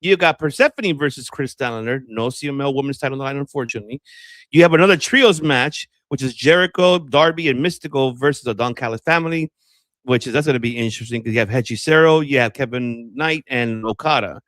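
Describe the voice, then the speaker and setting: A man's voice: medium pitch, fast talker, a bit bright, no echo. A man co-hosting a wrestling podcast, talking bluntly and casually, swearing freely as he reels off a match lineup. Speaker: podcast co-host. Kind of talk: casual wrestling debate chat.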